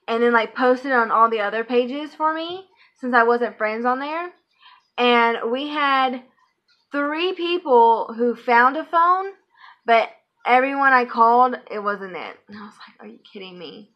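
A woman in her twenties telling a storytime vlog in a chatty, profane way full of fillers, in a dull lo-fi recording. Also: a little high. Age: 20s. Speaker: vlogger.

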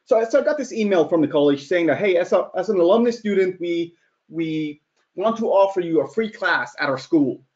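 A man telling a story in a conference talk, animated and acting out quotes. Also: sits high, fairly quick. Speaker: security presenter. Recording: dull lo-fi sound.

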